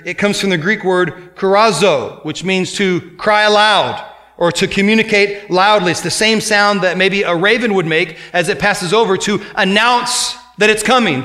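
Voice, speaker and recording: A man preaching a sermon, emphatic, swinging between loud exhortation and quiet explanation. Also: high-pitched. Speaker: pastor.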